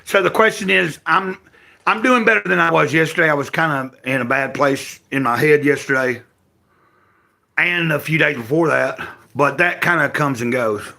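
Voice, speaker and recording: Chatting from home to livestream viewers, an older Tennessee man with a Southern accent rambles in a folksy way and corrects himself as he goes. He has a fairly high, gravelly, sharp-toned voice and a normal pace.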